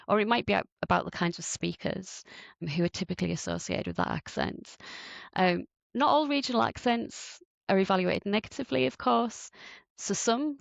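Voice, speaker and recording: A woman researcher calmly explaining research findings in a podcast interview. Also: lowish voice, creaky, no room sound, lo-fi sound. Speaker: researcher guest.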